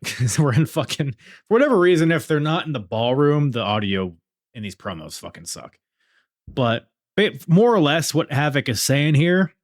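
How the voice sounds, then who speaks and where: A man's voice: fairly low pitch, no echo, clean studio sound. A young man hosting a podcast, talking casually and swearing freely as he recaps events. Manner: conversational, swears freely, acts out quotes. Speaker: podcast host. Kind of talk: casual solo review podcast.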